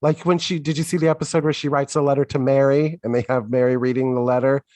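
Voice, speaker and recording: A man's voice: mid-range voice, little pitch movement, fast, darkish tone, no room sound. A man co-hosting a podcast, chatting casually in a frank, offhand way with a bit of swearing. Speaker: podcast co-host. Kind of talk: casual chat.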